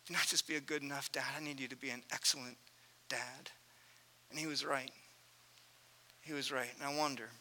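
A man in his thirties preaching a sermon, telling a family story earnestly and swinging from loud to hushed. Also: fairly high pitch. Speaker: pastor.

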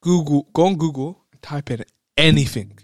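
Excitable man telling a story. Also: on the high side, normal speed, no echo, studio quality. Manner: excitable, laughs often, repeats words. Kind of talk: casual storytelling chat.

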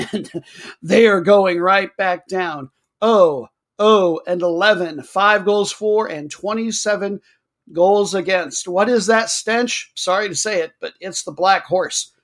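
Podcast host, male, higher register, wry chatty delivery for soccer rundowns. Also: fairly bright tone. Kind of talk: casual football commentary.

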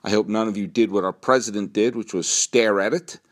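A middle-aged man with a New England accent hosting a solo sports podcast, rambling and animated, swinging from low asides to excited outbursts. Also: a little fast. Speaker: podcast host.

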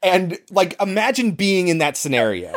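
A man's voice: high-pitched, normal speed. A man co-hosting a podcast, casually recapping a movie and acting out the characters' lines. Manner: animated retelling, swears, acts out quoted lines. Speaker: podcast co-host.

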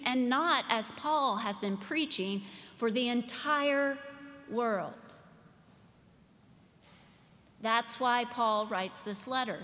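Slow-preaching woman in an echoing hall. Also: fairly high pitch, pushed and bright. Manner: slow, deliberate delivery with emphatic pauses. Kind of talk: sermon. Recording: long reverb of a large hall.

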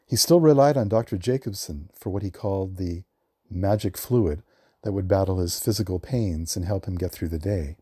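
A man reading a prepared film history at a measured storytelling pace, lifting his voice for the quotes he reads. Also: low-pitched, warm tone, husky, no echo, clean studio sound. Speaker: film librarian guest.

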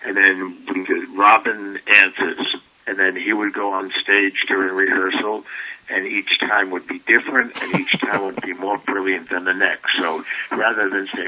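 A man in his seventies, a comedy writer and warm-up comedian, telling anecdotes in a lively way and acting out voices. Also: deep voice, moderate pace, rough recording. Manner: animated storyteller who acts out voices.

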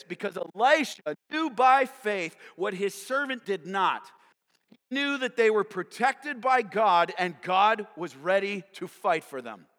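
High bright-voiced preacher in a hall. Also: male voice. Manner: dynamic preaching, dropping to whispers and rising to shouts; acts out characters in playful voices. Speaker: pastor. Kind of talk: sermon. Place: church sanctuary. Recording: long reverb of a large hall.

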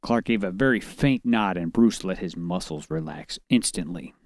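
A man's voice: lively intonation, normal speed, no room sound, studio quality. A man co-hosting a comedy podcast, reading fan fiction aloud and breaking into laughter, trying silly character voices. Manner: laughs often, breaks into high giggles, tries character voices.

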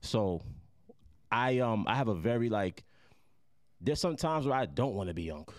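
A man's voice: lowish voice, expressive, moderate pace, no echo, clean studio sound. A man from Jamaica, a guest musician, talking casually and at length on a podcast, with a laid-back, rambling manner. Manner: laid-back, rambling, fond of "you know what I'm saying".

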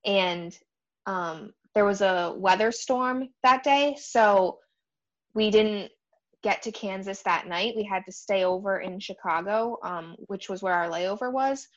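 A woman's voice: mid-range voice, measured pace. A young adult woman from Rhode Island telling a story as a guest golfer, hesitant, with many "um"s. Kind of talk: casual storytelling. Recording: dull lo-fi sound.

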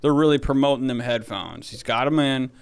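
A man in his thirties with a smooth, resonant voice talks about a movie in loose podcast chat. He swears constantly and rambles through animated stories. He keeps a mid-range pitch that is neither high nor low. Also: brisk. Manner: profane, rambling, animated storytelling. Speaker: podcast co-host. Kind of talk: casual movie review chat.

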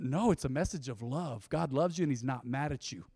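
A man preaching a sermon, swinging between loud swells and quiet, intimate drops. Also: mid-range voice, a little fast, no room sound, studio quality. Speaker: pastor. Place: church.

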